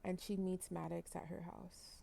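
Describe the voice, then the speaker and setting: A woman casually narrating a dramatic life-sim game story to her viewers, chatty and expressive. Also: lowish voice, measured pace, vocal fry. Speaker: gaming channel host.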